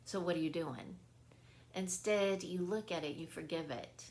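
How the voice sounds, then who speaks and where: A woman's voice: on the low side, normal speed, darkish tone. A woman speaking as a wellness coach in an earnest, casual spiritual talk, often checking in with her listeners and laughing easily. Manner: earnest, repetitive, checks in with "right?".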